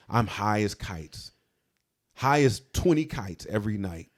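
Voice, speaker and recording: A man's voice: lowish voice, expressive, a little slow. A man co-hosting a podcast, telling an emotional, confessional story from his past in casual talk. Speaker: podcast co-host.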